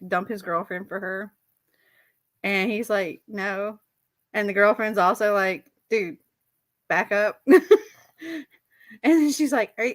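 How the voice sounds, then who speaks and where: A woman's voice: mid-range voice, dry recording. A woman in her forties hosting a casual live chat, reading out text messages and giggling often. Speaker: host.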